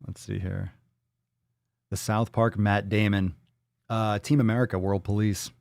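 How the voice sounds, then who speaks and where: A man's voice: fairly low pitch, steady tone, normal speed, a little mellow, no echo, clean studio sound. A man hosting a livestream podcast, talking bluntly and profanely in a fired-up, casual way.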